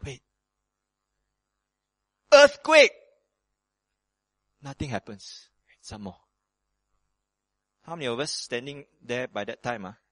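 A man preaching a sermon on a Bible passage, animated and dramatic, moving between loud emphasis and hushed tones, with casual asides to his listeners. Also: mid-range voice, moderate pace, long pauses, dry recording. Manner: conversational asides with frequent "you know" and "right".

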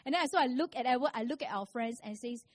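A woman's voice: high voice, fast. Woman preaching a sermon. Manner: storytelling, rising to loud emphatic preaching.

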